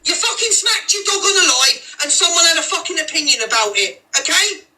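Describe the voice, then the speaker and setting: A man's voice: very high-pitched, sing-song, fairly quick, bright, forceful tone, poor audio. A man ranting angrily on a livestream, swearing often and repeating himself. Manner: angry, sweary, repetitive. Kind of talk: heated livestream rant.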